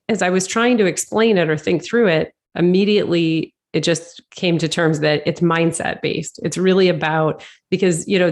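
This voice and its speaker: A middle-aged woman from Detroit, a leadership consultant, giving good-humoured answers as a podcast guest and thinking aloud. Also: deep voice. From Detroit, Michigan. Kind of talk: casual interview answers.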